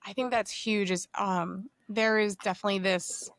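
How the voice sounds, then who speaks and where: A woman's voice: medium pitch, fairly even intonation, normal speed, a bit bright, no echo. A woman in her thirties hosting a podcast interview, talking in an emphatic, casual way. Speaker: podcast host.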